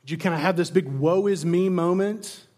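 A man with a high voice preaches a sermon as pastor. He speaks earnestly, keeps asking the congregation rhetorical questions, and sometimes trips over repeated words when he presses a point. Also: moderate pace, darkish tone.

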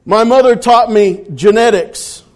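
A man's voice: sits high, measured pace, a little mellow. A man leading a casual sermon as pastor, playful and teasing with the congregation. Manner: playful, teasing, loose with restarts.

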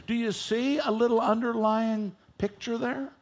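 High-pitched, gravelly male preacher. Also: measured pace, hardly any pauses. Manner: animated, reads scripture aloud and leads the congregation in reading. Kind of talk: sermon.

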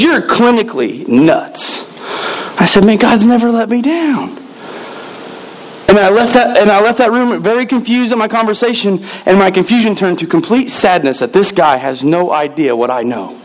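A man's voice: high voice, slight background noise, low-quality recording. A middle-aged man preaching a sermon, telling a personal story with emphatic repetitions. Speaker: pastor.

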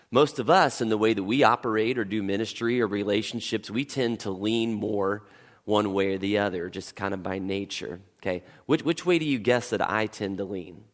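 A man preaching a sermon as pastor, his voice husky from a cold, talking in a relaxed, conversational way and checking in with the congregation. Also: fairly low pitch, big-room sound. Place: church sanctuary.

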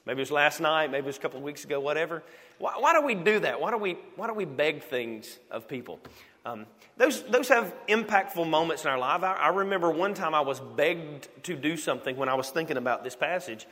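A man's voice: a little high, animated, fairly quick, sharp tone. A man from the United States preaching a sermon, telling a story with animation and asking the congregation questions. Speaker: pastor. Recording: long hall reverb.

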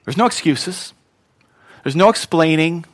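A man preaching a sermon, emphatic, swinging between loud punchy lines and quiet ones and getting his audience to repeat words back. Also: a little high, lively intonation, unhurried. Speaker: pastor.

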